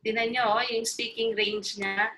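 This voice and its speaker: A woman's voice: fairly high pitch, little pitch movement, normal speed, sharp tone, low-quality recording. A woman with a Filipino accent teaching voice in an online choir workshop, mixing English and Filipino in a coaxing, playful way over a video call.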